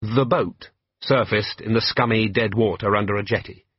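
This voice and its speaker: Brief: male audiobook narrator, wry, husky, dull dry sound. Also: lowish voice, fairly even intonation, moderate pace, dry recording. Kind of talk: scripted narration.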